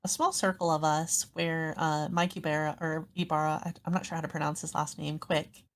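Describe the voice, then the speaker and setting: A woman's voice: low voice, level tone, normal speed. A woman guest on a podcast, chatting casually and rambling through a story with lots of fillers. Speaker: guest streamer.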